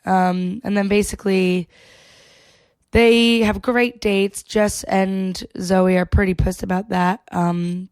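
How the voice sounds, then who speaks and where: A woman's voice: mid-range voice, little pitch movement, slow pace, a little mellow, clear, resonant tone, dry recording. A woman co-hosting a podcast, casually recapping an episode in a chatty way, swearing freely and laughing between points. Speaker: podcast co-host.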